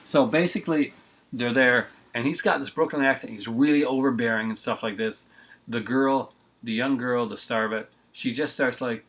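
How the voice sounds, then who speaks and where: A man's voice: mid-range voice, moderate pace, fairly bright tone. A man reviewing a bad movie in casual chat, rambling and exasperated, often joking.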